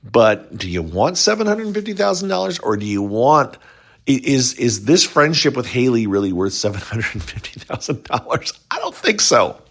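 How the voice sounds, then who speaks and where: A man's voice: mid-range voice, big pitch swings, normal speed. A man hosting a casual reality show recap, rambling and chatty, lifting his voice whenever he quotes someone.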